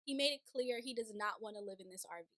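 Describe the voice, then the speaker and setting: A woman hosting a casual recap of a TV show, chatty and animated, slipping into playful voices when she paraphrases. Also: mid-range voice, fast, no room sound. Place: city home, sirens outside.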